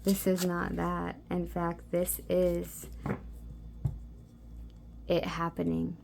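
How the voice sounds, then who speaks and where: Woman, tarot reader, gravelly, low, flat delivery, soft intimate meandering talk. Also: very slow. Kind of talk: spiritual pick-a-card reading.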